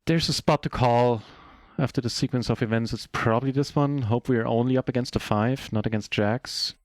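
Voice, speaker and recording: On a live stream, a German man who speaks German natively commentates his own poker game with relaxed, self-deprecating, casual chat. His mid-range voice runs a little fast, and the audio is studio quality with no room sound.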